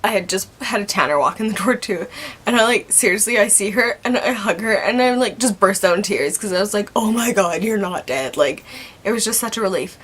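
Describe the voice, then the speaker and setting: A woman's voice: medium pitch, expressive, brisk, a bit bright, slightly rough. A young woman telling a story in a casual, chatty way. She laughs often and acts out what other people said.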